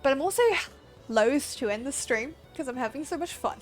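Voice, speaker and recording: A young woman from Australia streaming a game, chatting casually with viewers, excitable, laughing often and swearing freely. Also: high voice, fairly quick, faint music behind. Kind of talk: casual live-stream chat.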